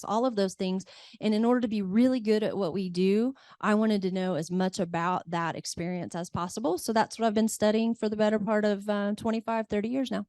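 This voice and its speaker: A woman's voice: mid-range voice, darkish tone, dry recording, studio quality. A middle-aged woman from Oklahoma speaking as a seminar panelist, chatty with frequent fillers.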